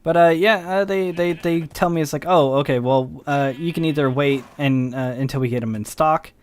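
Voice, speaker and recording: A tired, yawning young man who hosts gaming videos plays a game while telling a rambling, casual story, animatedly acting out both sides of the conversation. His voice is a little high at normal speed, with slight background noise.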